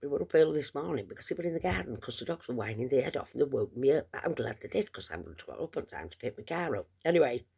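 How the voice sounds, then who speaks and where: Woman, gravelly voice, chatty rambling storyteller, self-mocking. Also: rumbling low, sing-song, very fast, few pauses, dark tone. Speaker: vlogger. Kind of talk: casual storytelling.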